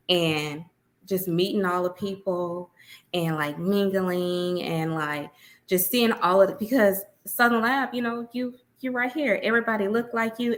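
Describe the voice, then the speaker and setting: Lively woman telling stories. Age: 30s. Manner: animated storyteller, quick bursts with laughter, drops to a low murmur. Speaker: guest, university alumna. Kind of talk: casual interview chat.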